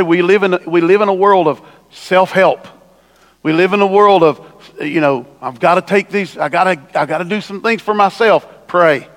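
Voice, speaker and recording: Male pastor, sermon, fairly high voice, dramatic loud-and-soft swings, long church reverb. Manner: lively preaching, dramatic voice swings from loud to hushed. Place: church sanctuary.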